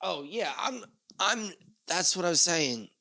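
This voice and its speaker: A male solo podcast host with a gravelly voice that sits fairly high for a man. He rambles casually, loses his thread, and then rushes ahead in animated bursts.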